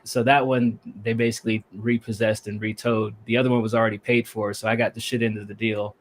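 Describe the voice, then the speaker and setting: A man's voice: on the low side, little pitch movement, brisk, slight background noise. A man from the American South who is a rapper, co-hosting a podcast in casual chat and telling stories in a dry, matter-of-fact way.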